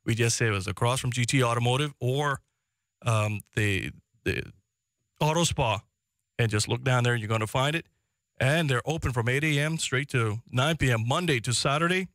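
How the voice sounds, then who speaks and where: Effusive Caymanian radio host. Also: male voice, medium pitch, moderate pace, dry recording, studio quality. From Cayman Islands. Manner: effusive, repetitive thanks, animated. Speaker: radio talk show host. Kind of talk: live radio talk and ad read. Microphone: studio microphone.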